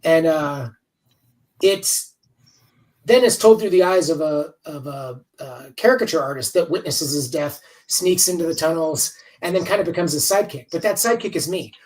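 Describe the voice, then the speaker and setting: A man's voice: on the high side, normal speed, a little mellow, distant mic, low-quality recording. A man in his fifties, a comics writer chatting as an interview guest over a video call, talking in a rambling, candid way and swearing freely. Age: 50s. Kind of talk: casual interview chat.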